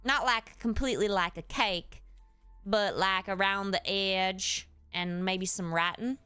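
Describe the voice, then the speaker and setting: Chatting with viewers during a live stream, a woman voices a laid-back Southern streamer character who addresses everyone as y'all. Her medium pitch stays steady and unhurried, with a sharp yet smooth tone; the sound is dry, and gentle music plays underneath.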